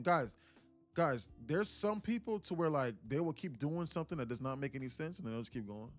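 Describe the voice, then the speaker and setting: A man's voice: mid-range voice, lively intonation, quick pace, soft background music. A man coaching viewers on a live stream about trading. He talks bluntly, swears casually and keeps calling out to his audience.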